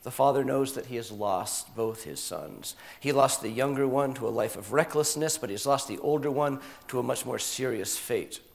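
A man preaching a sermon, telling a story with animated delivery and drawing answers from listeners. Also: medium pitch, normal speed, vocal fry, hardly any pauses. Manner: animated storytelling, acts out quoted voices.

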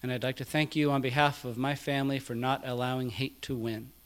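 A man preaching a sermon, quoting others quietly and building to loud, emphatic peaks. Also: medium pitch, level tone, brisk. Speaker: pastor.

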